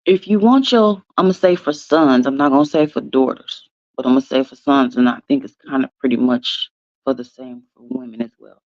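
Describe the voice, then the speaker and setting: A woman with a very deep, slightly mellow voice hosts a laid-back morning chat, talking emphatically to her listeners. She's chatty, stretches out her stressed words, and calls everyone "y'all" and "baby." The recording is dry and a bit dull, with no echo.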